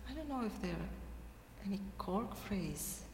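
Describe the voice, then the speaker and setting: A woman's voice: mid-range voice, lively intonation, measured pace. A woman from Russia with a Russian accent, answering interview questions hesitantly, searching for words and laughing often. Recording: echoey hall, faint background noise.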